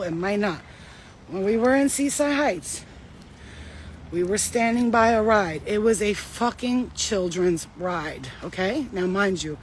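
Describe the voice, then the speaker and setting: A woman's voice: mid-range voice, a little hiss or hum. Blunt, profane woman ranting. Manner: blunt, profane, heated and emphatic. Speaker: spiritual vlogger. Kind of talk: casual storytelling rant.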